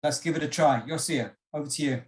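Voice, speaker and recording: A man's voice: on the high side, brisk, reverberant. A man teaching an online workshop, encouraging, repeating his instructions with frequent ums.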